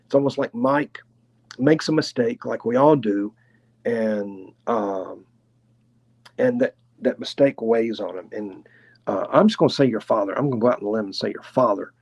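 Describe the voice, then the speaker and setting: A man with a Tennessee accent doing a live clairvoyant reading, talking in an unhurried, chatty way and hedging his guesses. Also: mid-range voice, darkish tone, lo-fi sound. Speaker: clairvoyant medium.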